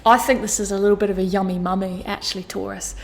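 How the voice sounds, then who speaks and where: This tarot reader has a medium-pitched, creaky voice, a level tone, and a fast way of talking. Her astrology tarot monologue for viewers is earnest and emotional, with lots of repetition and casual swearing.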